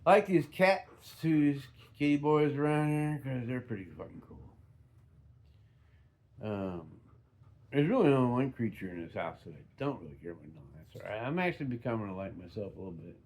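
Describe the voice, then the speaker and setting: A man's voice: medium pitch, animated, a little fast, a little mellow. A middle-aged man giving an unscripted, rambling vlog monologue, swearing freely and restarting his sentences often. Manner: rambling, profane, with frequent restarts. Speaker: vlogger.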